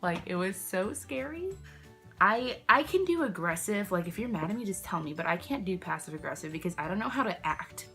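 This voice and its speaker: A woman's voice: mid-range voice, lively intonation, fairly quick, fairly bright tone, soft background music. A young woman telling a casual storytime at home, chatty and rambling, full of fillers and sidetracks, recorded on her own camera. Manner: rambling, chatty, many "like" fillers, self-interrupting. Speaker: vlogger. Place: indoors at home, candles nearby. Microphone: camera she films herself with.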